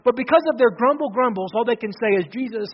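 A male pastor preaching a sermon, swinging from loud shouted declarations to low, hushed emphasis and repeating phrases. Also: fast, dull audio. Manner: repeats phrases, restarts often.

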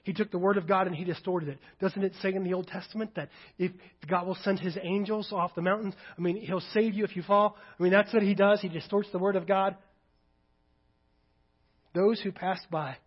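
A male pastor preaching a sermon, emphatic, swinging between loud declarations and hushed readings of Scripture. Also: high voice, fairly even intonation, fairly quick, breathy edge, muffled recording.

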